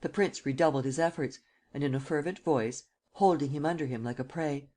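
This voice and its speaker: A woman narrating a classic detective novel as an audiobook in a steady, measured way. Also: low-pitched. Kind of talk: scripted narration.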